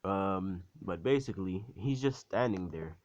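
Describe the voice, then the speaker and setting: A man casually rambles through a fan story, leaning on fillers as he goes. His voice is low. The recording sounds dull and lo-fi. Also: animated, unhurried, a little mellow. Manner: rambling, full of "like" and "basically". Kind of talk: casual fan-fiction retelling.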